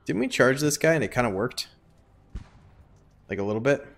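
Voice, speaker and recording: A man's voice: medium pitch, lively intonation, moderate pace, vocal fry. A young man giving casual gameplay commentary, chatting to himself and pleading with his units. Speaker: gaming YouTuber.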